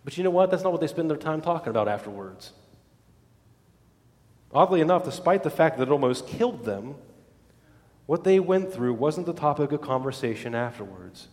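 High-voiced preacher in a reverberant hall. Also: male voice, lively intonation, normal speed, pauses often. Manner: dramatic, swings between hushed low lines and loud exclamations. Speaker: pastor. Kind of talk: sermon.

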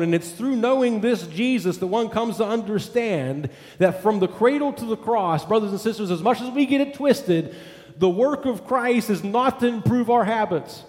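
A man's voice: high-pitched, darkish tone, reverberant, long reverb tail. A male pastor preaching a sermon, emphatic, building points through repeated lists.

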